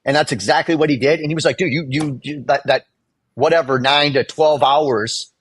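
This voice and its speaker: A man appears as a guest on a video-call show, a dent repair technician telling shop stories in casual talk and acting out the people he quotes. His voice is fairly high-pitched and slightly rough, with fairly even intonation and a moderate pace.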